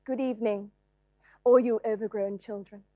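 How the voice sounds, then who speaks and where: A woman playing a syrupy bedtime wellness host whose calm keeps slipping into spite. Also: a little high, normal speed, no echo, narrow, tinny audio, lightly acted. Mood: soothing. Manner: soothing with sudden spiteful outbursts. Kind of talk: comedy sketch character.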